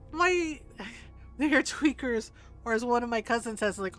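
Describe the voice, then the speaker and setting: A woman's voice: fairly high pitch, lively intonation, measured pace, fairly bright tone, soft background music. A woman streamer chatting casually while gaming, laughing often and acting out quotes.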